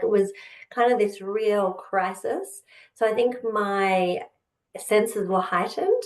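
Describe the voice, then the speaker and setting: A woman's voice: medium pitch, darkish tone. A woman telling her own story as a podcast guest, heartfelt and rambling, getting choked up at times. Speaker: guest, author and entrepreneur. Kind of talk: emotional personal storytelling.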